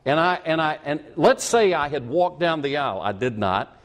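Emphatic higher-voiced male preacher. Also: expressive, normal speed, a bit bright. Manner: emphatic, repeats key points; corrects himself mid-sentence. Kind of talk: expository sermon.

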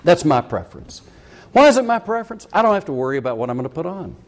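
Older guy pastor preaching, kinda high voice, folksy asides, keeps asking the church questions. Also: big pitch swings, fast talker. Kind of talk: sermon.

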